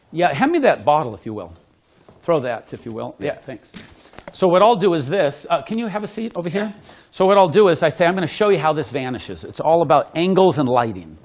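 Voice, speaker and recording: A man, a magician, telling stories animatedly to a small audience, laughing often and loudly acting out the voices of the people in his stories. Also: fairly high pitch, normal speed. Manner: lively, laughing, acts out quotes loudly. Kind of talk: animated storytelling with demonstration.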